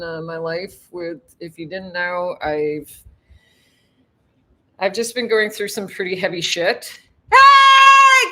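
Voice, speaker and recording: Slow-talking bright-voiced woman livestreaming. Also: mid-range voice. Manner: chatty, rambling, laughs often, greets viewers. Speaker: livestream host, tour guide. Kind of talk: casual livestream chat. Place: home in a tropical town.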